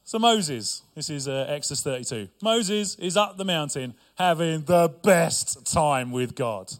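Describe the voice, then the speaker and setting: A man's voice: on the high side, expressive, a little slow. A middle-aged male pastor preaching a sermon with humor and asides to his congregation.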